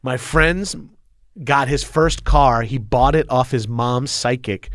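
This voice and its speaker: A man's voice: medium pitch, slow, no echo, clean studio sound. A man from Long Island, telling a story as a podcast guest in loose, rambling chat. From Long Island, New York. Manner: loose, rambling, swears and laughs often.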